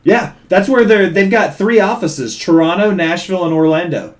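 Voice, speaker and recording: A man's voice: high-pitched, animated, moderate pace. A man with a Southern Tennessee drawl chatting as a podcast co-host, boisterous, enthusiastic and profane. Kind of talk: casual podcast chat.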